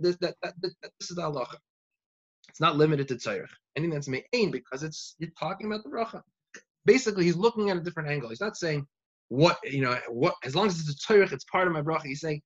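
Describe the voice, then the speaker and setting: A young man teaching a Talmud lesson in yeshiva style, animated and full of restarts. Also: on the high side, muffled recording. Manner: animated, uses Hebrew and Yiddish learning terms, many restarts. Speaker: Torah teacher.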